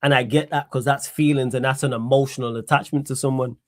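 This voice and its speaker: A man's voice: medium pitch, fairly even intonation, quick pace, no echo, studio quality. A young man hosting a solo sports live stream, blunt and sarcastic, hammering his points with repetition and swearing. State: tired. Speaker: streamer host.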